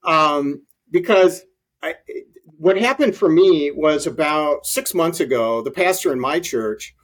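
A male guest telling heartfelt stories during an interview. His voice sits a bit high for a man, and his sincere, unhurried account is full of ums and uhs. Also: animated. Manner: earnest storytelling with many fillers. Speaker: ministry leader guest. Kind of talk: conversational interview.

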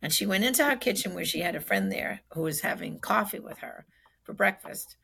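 A woman recounting a story in a casual, animated way, full of fillers and acted-out quotes. Her voice is deeply gravelly with strong fry, and husky rather than clean. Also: a little fast. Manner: animated, acts out quoted speech, frequent fillers. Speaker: speaker recounting a personal acquaintance's story. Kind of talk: conversational storytelling.

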